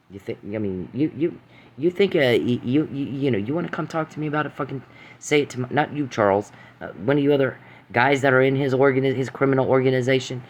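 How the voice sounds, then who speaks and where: A man vents at the camera in a long, rambling rant, swearing freely and hurling accusations. He repeats phrases and trips over false starts, his voice at an ordinary, middling pitch with a faint hum of room noise behind him. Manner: profane, accusing, repeats phrases, stammering restarts. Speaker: vlogger.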